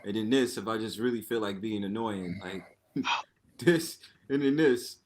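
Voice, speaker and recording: A man's voice: lowish voice, moderate pace, slight background noise. A man on an online talk panel chatting casually and joking, using slang and acting out his own reactions. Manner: expressive and joking, slangy, quotes himself in reaction voices. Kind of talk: casual chat.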